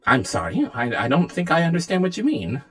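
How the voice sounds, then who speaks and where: A man's voice: on the high side, huge pitch swings, husky, pitched above the performer's own voice, heavily acted. Man voicing a smug, falsely sweet AI woman. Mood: sly. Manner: measured, polite, quietly menacing.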